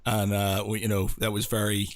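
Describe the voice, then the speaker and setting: A man's voice: fairly low pitch, brisk, dry recording. Laughing man in casual podcast chat. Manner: animated, laughing storyteller. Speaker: podcast co-host.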